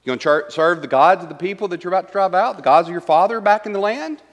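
A man leads a Bible study and reads scripture aloud between questions to his class. His voice sits a little high and swings widely in pitch. A long reverb hangs after every phrase. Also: expressive, fast talker.

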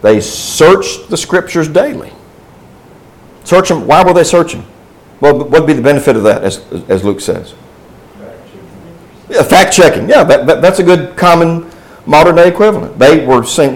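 A man's voice: a little high, lively intonation, normal speed, rough recording. A man teaching a Bible class in a conversational way. He asks the class questions and answers them himself, with restarts and asides along the way.

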